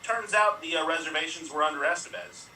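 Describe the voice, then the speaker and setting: A man improv player telling short comic bar jokes with a halting delivery. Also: a little high, sharp tone, distant mic, slight background noise, low-quality recording. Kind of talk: telling quick setup-punchline jokes.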